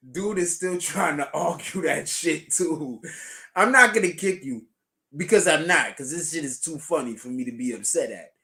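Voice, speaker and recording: A man's voice: a little high, unhurried, long pauses, sharp tone. A man hosting a livestream, reading viewer chat aloud and reacting in an incredulous, emphatic way, laughing between remarks. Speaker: show host.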